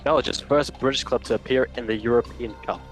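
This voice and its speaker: A man's voice: medium pitch, fairly even intonation, fairly quick, soft background music. Playful man hosting a football quiz. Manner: playful, jokey, swears and laughs often. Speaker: quiz host. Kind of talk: casual podcast chat.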